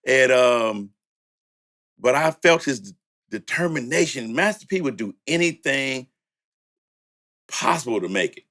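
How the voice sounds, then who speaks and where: A man's voice: mid-range voice, a bit bright. An older man, a music producer, tells stories in a laid-back, casual way, laughing often and saying "you know" a lot. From Louisiana and San Francisco. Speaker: music producer and studio owner. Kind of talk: storytelling in casual conversation.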